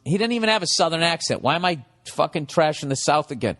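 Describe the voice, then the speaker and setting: A man's voice: a little high, lively intonation, a little fast, fairly bright tone. 40s american guy ranting on his podcast, swears a lot, riffs all over, kinda echoey. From United States. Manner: profane, rambling and riffing. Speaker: podcast host. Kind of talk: comedic podcast monologue.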